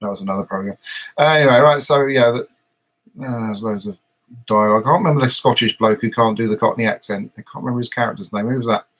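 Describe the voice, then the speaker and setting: A man's voice: on the low side, fast talker, a bit bright. A man hosting a casual live podcast, recapping an episode in a meandering way with frequent hesitations. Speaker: podcast host.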